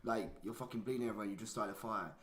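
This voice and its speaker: A man's voice: fairly low pitch, fairly even intonation, rapid-fire, fairly bright tone. A young man, casually telling a profane story and peppering it with "like". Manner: swearing storyteller, heavy use of "like". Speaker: podcast co-host. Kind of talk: casual chat. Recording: echoey room.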